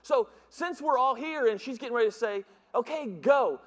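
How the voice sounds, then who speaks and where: A middle-aged man preaching in a church, with a strikingly high voice for a man. His sermon is playful and animated, full of jokes and stories told in other people's voices. Long reverb from the church hall trails behind his words. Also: moderate pace. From northern United States. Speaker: pastor. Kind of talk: humorous sermon with storytelling. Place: church sanctuary.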